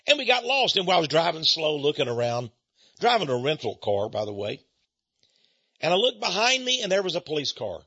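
A man, a Christian speaker telling stories in an animated, chuckling sermon style. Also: on the high side, husky, dull audio. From Texas, USA. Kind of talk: storytelling sermon.

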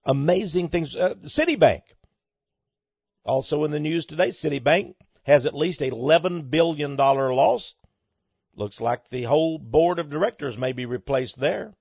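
A man giving emphatic, preaching-style commentary on the news, asking rhetorical questions and swinging between loud and soft. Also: a little high, moderate pace, creaky, breathy edge, no room sound. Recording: dull lo-fi dry recording.

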